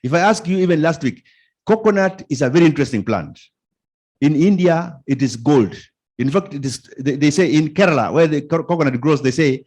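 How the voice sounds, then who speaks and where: A man's voice: a little high, a little fast. A middle-aged Kenyan man giving an informal conference talk, quizzing the audience and repeating his points. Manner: animated, asks the audience questions, repeats phrases. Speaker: conference speaker.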